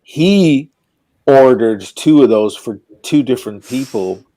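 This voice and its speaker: An Irish man chatting as a guest on a video call from his home, telling stories in an animated, profane ranting way. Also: medium pitch, slow pace, no room sound. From Ireland. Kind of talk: casual chat. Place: home in Venice.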